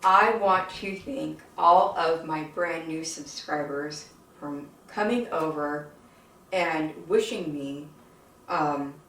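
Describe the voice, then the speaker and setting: A woman's voice: deep voice, slow pace, fairly bright tone. A woman hosting a home cooking vlog, short of breath and talking in a rambling, emotional way with lots of fillers. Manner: rambling, filler-heavy and emotional, addresses viewers as "you guys". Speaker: home cooking channel host. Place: home kitchen. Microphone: camera on a tripod. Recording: echoey room, mic at a distance.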